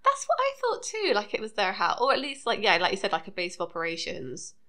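A British woman co-hosting a podcast, talking through a TV episode in a loose, casual way. Her voice has a bright, clear edge, and she laughs easily between points. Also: mid-range voice, wildly swooping pitch, fast. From United Kingdom. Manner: chatty, laughs often. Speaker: podcast co-host. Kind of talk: casual chat recapping a TV episode.

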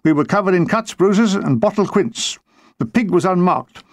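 A man's voice: high-pitched, animated, normal speed, no echo. A man reading his own wartime memoir aloud, with a dry comic storytelling manner. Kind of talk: audiobook narration.

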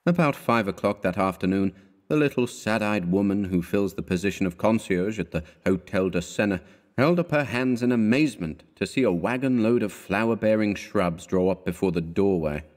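A man narrating a classic story as an audiobook reader, measured and even, lifting his voice for the characters' lines. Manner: measured, lifts his pitch for quoted characters.

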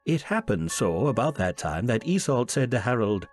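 A man narrating an old tale in a measured, dramatic way. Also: medium pitch, sing-song, a little mellow, faint music behind.

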